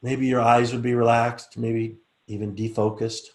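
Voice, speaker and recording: Middle-aged man gently guiding a class. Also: medium pitch. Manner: relaxed, coaxing, speaks slowly and softly when guiding. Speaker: teacher leading a group session. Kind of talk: live online class with guided relaxation.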